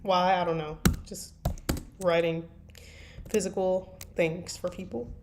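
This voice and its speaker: A woman's voice: on the low side, fairly even intonation, slow, noisy background. A woman chatting casually to viewers on a live stream while she writes fan fiction, rambling and poking fun at herself. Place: at a computer desk. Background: faint keyboard typing and clicks.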